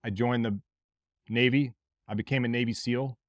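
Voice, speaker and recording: A man from Mississippi with a Southern accent, hosting a podcast as a blunt, forceful motivational monologue with plenty of swearing. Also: medium pitch, steady tone, moderate pace, no room sound. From Mississippi, USA. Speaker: podcast host.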